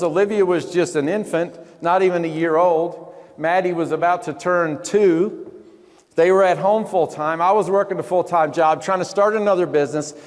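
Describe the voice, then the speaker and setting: A man giving a live motivational sermon in a large event hall. He talks emphatically, asks the audience questions, and often drops to hushed tones. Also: fairly high pitch. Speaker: motivational speaker. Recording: long hall reverb.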